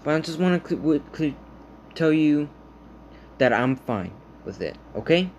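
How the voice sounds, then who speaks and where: A man talking casually to his viewers in a halting, rambling way, full of restarts, earnestly reassuring them. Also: a little high, big pitch swings, muffled recording, slight background noise. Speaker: vlogger. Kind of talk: casual talk to camera.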